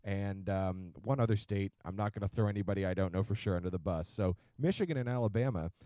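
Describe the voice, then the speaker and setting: Guy cohosting a podcast, ranting, does silly mock voices, warm low tone. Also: fast talker, dry recording. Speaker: podcast co-host. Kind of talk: casual chat.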